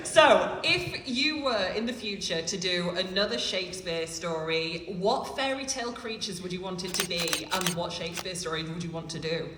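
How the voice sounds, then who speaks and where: An excited, giggly fan asking a question at a convention panel. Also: mid-range voice, normal speed, few pauses. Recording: echoey hall from far off with crowd noise.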